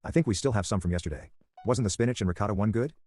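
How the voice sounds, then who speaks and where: A man voicing a distracted middle-aged mother who talks flatly and absent-mindedly in a horror story. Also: fairly low pitch, racing, slightly rough.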